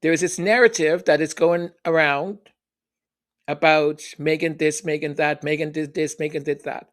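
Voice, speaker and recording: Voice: medium pitch, steady tone, normal speed. A commentary host speaking sarcastically, with emphatic rhetorical questions. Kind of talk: opinion commentary.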